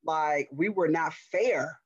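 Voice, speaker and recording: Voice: medium pitch, takes it slowly, breathy edge, dry recording, muffled recording. A guest in their forties from Cincinnati, telling a candid personal story in a reflective, frank way and laughing easily. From Cincinnati, USA.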